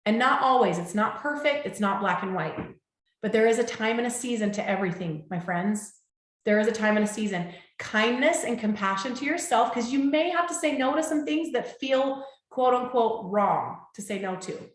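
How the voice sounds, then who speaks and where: Woman host, heartfelt motivational talk, slightly high pitch, roomy echo. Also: animated, normal speed. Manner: warm, heartfelt, repeatedly checks in with listeners. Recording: echoey room.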